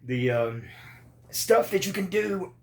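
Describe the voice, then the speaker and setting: A man's voice: high-pitched, lively intonation, slow pace, a little mellow. A man hosting a podcast, in pain after surgery, rambling casually with lots of ums and swearing. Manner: rambling, profane, many ums and uhs. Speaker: podcast host.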